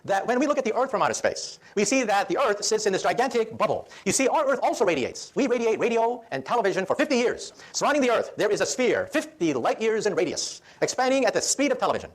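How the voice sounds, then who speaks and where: A man, a physicist, giving a humorous public lecture as an animated, joking storyteller. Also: high-pitched, fast talker, hardly any pauses.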